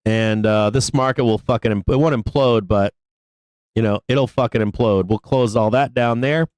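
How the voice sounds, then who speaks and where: This man hosts a live stock market program and rambles through casual trading talk, cursing freely, packing in fillers and speaking in rapid bursts. The voice sits lowish with a darkish tone, and the rough recording has no echo.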